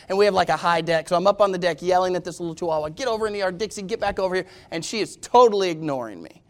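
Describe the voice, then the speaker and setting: A man preaching a sermon, telling a funny story and then reading scripture slowly and with emphasis. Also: on the high side. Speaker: pastor.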